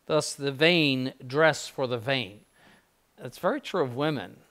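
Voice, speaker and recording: A man's voice: mid-range voice, expressive, a little slow, a bit bright. Blunt older man giving a spiritual talk. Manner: conversational and blunt, with asides and dry laughs. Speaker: bishop giving a spiritual conference. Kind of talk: informal spiritual lecture.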